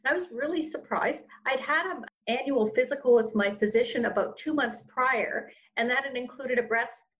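A woman's voice: high voice, moderate pace, hardly any pauses, fairly bright tone. Middle-aged woman, dull lo-fi sound. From Canada. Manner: earnest, rambling with many restarts. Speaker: guest. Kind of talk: podcast interview storytelling.

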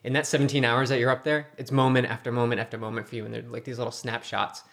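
A man's voice: medium pitch, little pitch movement, fast talker, a bit bright. A man, a host, asking a guest a long, rambling question full of "like". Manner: rambling, filler "like". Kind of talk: casual interview questions.

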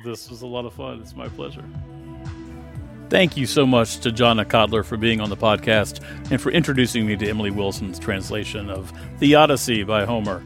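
A man's voice: on the low side, fairly quick, fairly bright tone, soft background music. A man hosting a casual podcast interview, friendly and a little rambling. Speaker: podcast host.

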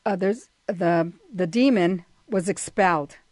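A woman co-hosting a talk show, reading a story aloud in a steady way and murmuring agreement. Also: fairly low pitch, unhurried, no echo. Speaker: co-host.

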